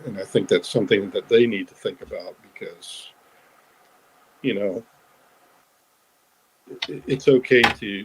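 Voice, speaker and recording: A man speaking as a guest in a live online audio room, talking in a hesitant way with many pauses and restarts. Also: on the low side, slight background noise, poor audio. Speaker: whistleblower guest. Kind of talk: casual talk in a live audio chat room.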